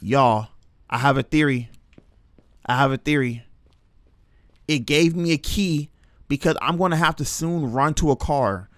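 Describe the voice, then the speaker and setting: A young male streamer talks through a horror game, his voice sitting a bit high for a man. He is chatty and jumpy, tossing casual slang at his viewers. The sound is dry and close, with no room echo. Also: measured pace, pauses often. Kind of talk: live horror game commentary.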